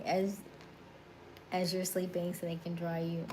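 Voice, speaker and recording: A woman's voice: on the low side, flat delivery, a little slow, background noise. A woman in her thirties from Florida, with a Florida accent, chatting casually on a livestream, laughing often and greeting viewers by name. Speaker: livestream host. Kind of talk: casual livestream chat reading viewer comments.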